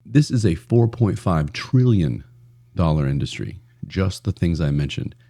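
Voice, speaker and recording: A man's voice: sits low, sing-song, a little slow, warm tone. A man hosting a solo podcast in a casual, blunt and profane way, rambling with frequent restarts. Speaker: podcast host.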